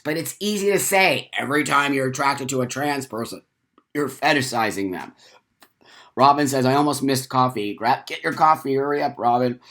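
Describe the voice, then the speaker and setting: A man's voice: medium pitch, pushed and bright. A man hosting a casual morning livestream, reading viewer comments aloud and answering each viewer by name with firm opinions. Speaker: live stream host. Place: at home with coffee. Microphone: webcam or phone for live video.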